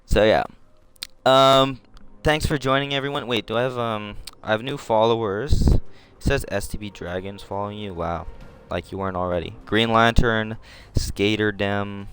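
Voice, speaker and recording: A male streamer giving casual live commentary on replays, slangy and excitable, jumping to shouts at tense moments. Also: lowish voice, moderate pace, slight background noise. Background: music.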